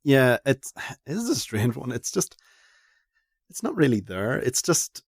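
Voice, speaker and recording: A man with a Northern Irish accent, a podcast guest chatting about a film and chiming in with quick agreement. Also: mid-range voice, slightly rough, dry recording, studio quality. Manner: lively, quick agreeing interjections. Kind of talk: casual film review chat.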